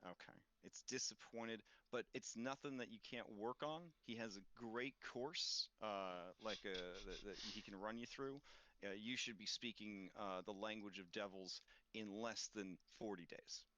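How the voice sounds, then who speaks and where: A male game master narrating a tabletop game over a close mic. His voice is bright and forward and sits in the middle of the range. The sound is dry, with no room around it. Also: fairly low pitch, moderate pace, dry recording. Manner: relaxed, filler-heavy explaining.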